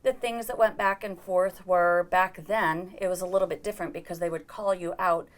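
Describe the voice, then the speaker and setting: A woman's voice: lowish voice, fairly even intonation, moderate pace. A middle-aged woman giving an earnest personal account as an interview guest, acting out the dialogue she quotes.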